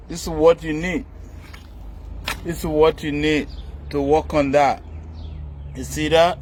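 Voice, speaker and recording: A man's voice: on the high side, level tone, unhurried, long pauses, slight background noise. A man demonstrating a farm tool outdoors, talking in a coaxing, repetitive way and pointing things out as he goes. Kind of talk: hands-on demonstration.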